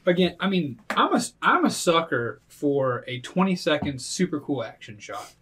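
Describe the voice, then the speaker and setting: Guy dm narrating a tabletop game, kinda high voice, laughs a lot. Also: normal speed, a little hiss or hum. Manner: giggly, animated storytelling. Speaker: game master.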